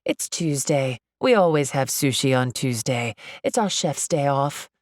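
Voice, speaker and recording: Woman putting on a crisp British socialite. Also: rumbling low, expressive, a little slow, a little mellow, no echo. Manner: crisp, drawling, dry. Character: glamorous British woman, former model, dry wit.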